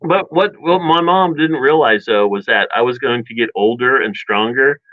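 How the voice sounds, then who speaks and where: A man's voice: mid-range voice, normal speed, dry recording, narrow, tinny audio. A man co-hosting a radio show, telling a long rambling childhood story in casual chat and acting out family quotes. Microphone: studio microphone.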